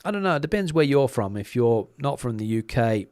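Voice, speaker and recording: A middle-aged Australian man hosts a casual live stream, talking in a loose, meandering way full of ums and restarts. His voice sits at an ordinary pitch and sounds close and dry, with no room around it. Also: a little fast, dry recording. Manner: relaxed, rambling, many fillers and restarts. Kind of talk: casual live-stream chat reading comments.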